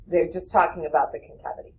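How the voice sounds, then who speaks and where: A woman teaching math in a classroom, explaining with quick questions to her students. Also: on the low side, steady tone, mellow, low-quality recording. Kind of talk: classroom lecture.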